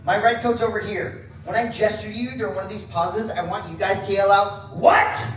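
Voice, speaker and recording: A man's voice: sits high, fairly quick. A man presenting a history lesson to a class, calling on students and getting the crowd to repeat after him. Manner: energetic, calls on students and prompts the crowd. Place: large echoey classroom or hall. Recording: echoey room recording from far off, noisy.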